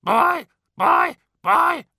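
A man voicing a flock of hungry, cackling crows with shrill squawking cries. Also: expressive, extremely slow, creaky, sharp tone, no echo, clean studio sound, full character voice. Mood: greedy squawking.

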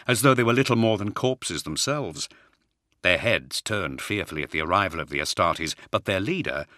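A man narrates a war audiobook in a lowish voice with a bright, forceful edge. His reading is dramatic, and he pushes his voice up for the shouted battle cries. The recording is close and dry. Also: dry recording. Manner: dramatic, raises voice for shouted lines.

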